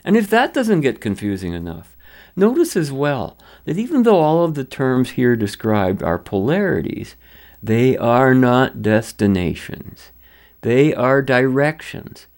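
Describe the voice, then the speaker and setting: Lively, emphatic male broadcast host. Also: mid-range voice. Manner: emphatic, deliberate, lecturing. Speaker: radio host. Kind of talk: scripted political commentary.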